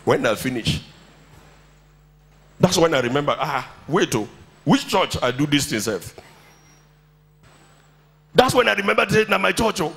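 A man's voice: fairly high pitch, big pitch swings, a little slow, creaky, pauses often, fairly bright tone. A man preaching a sermon in a church, telling stories and leading the congregation in call-and-response. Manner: storytelling, then rousing the congregation with call-and-response. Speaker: pastor.

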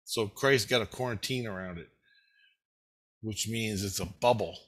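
A man casually telling a rambling, excitable story, swearing freely. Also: fairly low pitch, moderate pace, breathy edge, poor audio.

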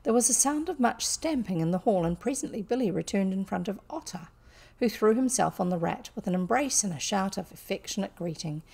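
A woman reading a classic children's story aloud in gentle, even narration. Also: mid-range voice, fairly quick, vocal fry, husky. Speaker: audiobook reader.

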